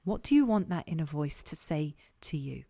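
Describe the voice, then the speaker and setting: A woman leadership coach guiding an online group session, calm and encouraging, repeating her key questions. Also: low voice, normal speed, creaky. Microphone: online call.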